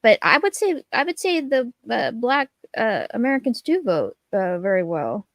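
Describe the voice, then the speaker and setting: A woman on a livestream panel giving animated, casual commentary on the election results. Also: on the high side, normal speed, no room sound.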